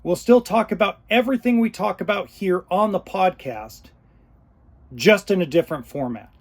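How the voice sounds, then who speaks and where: A man hosting his own podcast, talking unscripted, choked up and pausing often. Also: high voice, animated. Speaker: podcast host. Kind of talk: unscripted solo podcast talk.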